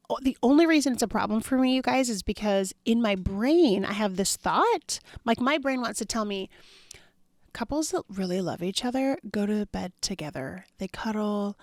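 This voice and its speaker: A woman's voice: mid-range voice, dry recording. Chatty woman host, dry close sound. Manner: earnest, chatty, addresses listeners directly. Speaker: podcast host. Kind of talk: casual motivational monologue.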